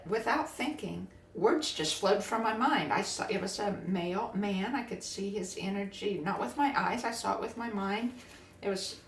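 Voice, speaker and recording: A woman podcast host and biofield tuner telling a personal spiritual story in a soft, earnest way, often halting and restarting. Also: mid-range voice, slight background noise. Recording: roomy echo, distant from mic.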